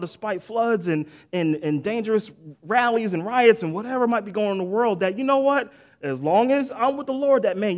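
A middle-aged male pastor preaching a sermon in a casual, conversational way, often saying "man" and "right?", with restarts and sudden bursts of emphasis. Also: sits high.

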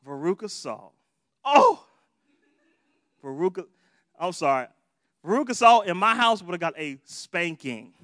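A man's voice: high voice, fairly bright tone, no echo, studio quality. A young adult man preaching a sermon in a conversational way, acting out prayers in different voices. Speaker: pastor.

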